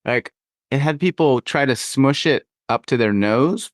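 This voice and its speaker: A man's voice: medium pitch, animated, a little slow, dry recording, studio quality. A man hosting a podcast interview, speaking thoughtfully with restarts and light laughter. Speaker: podcast host.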